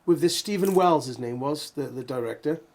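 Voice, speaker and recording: A middle-aged man in a band, telling stories in a lively, laughing way during a casual interview. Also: fairly high pitch, normal speed. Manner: animated, laughing storyteller. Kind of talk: casual storytelling chat.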